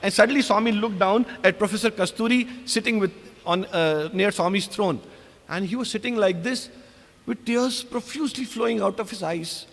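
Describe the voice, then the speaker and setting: A man's voice: high voice, moderate pace, big-room sound. A man with an Indian English accent, animatedly telling devotional memories to an audience at an ashram. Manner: animated, acts out quoted exchanges. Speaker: speaker sharing devotional memories. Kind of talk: devotional storytelling talk. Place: ashram hall.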